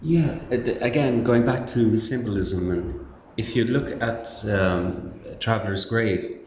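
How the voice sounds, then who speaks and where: A man's voice: on the low side, slow, a little mellow. A man interviewing in a casual, hesitant way with many fillers. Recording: echoey, dull recording with faint ambient noise.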